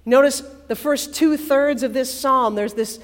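A woman preacher giving a sermon, expressive and prayerful, repeating phrases for emphasis. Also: sits high, a little slow. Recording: long reverb of a large hall.

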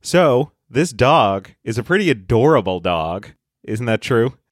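Animated, giggly male podcast co-host. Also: mid-range voice, unhurried, no echo, studio quality. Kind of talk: casual banter.

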